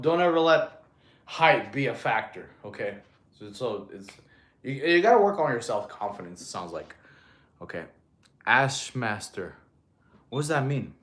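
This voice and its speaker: A fitness coach, a man, chatting casually on a live stream, reading viewers' comments aloud, joking, laughing often and calling people bro. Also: medium pitch. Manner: counts out push-ups between answers.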